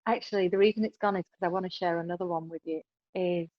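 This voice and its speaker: A woman's voice: on the low side, fairly even intonation, fast, no echo, dull audio. A woman being interviewed on a podcast, giving relationship advice in an emphatic way and often adding "right?" to her points. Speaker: podcast guest.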